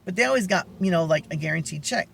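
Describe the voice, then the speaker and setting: Soft feminine-sounding man, gravelly edge. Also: sits high, quick pace. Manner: rambling, animated storytelling with many asides. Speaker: vlogger. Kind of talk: casual storytime chat.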